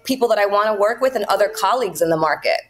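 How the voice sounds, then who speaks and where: A woman voice-over actress from the Caribbean talks shop as a podcast guest. She is lively and animated, and her voice sits in a middle pitch. She bursts now and then into playful quoted voices. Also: very fast, faint music behind. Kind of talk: casual interview talk. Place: Miami.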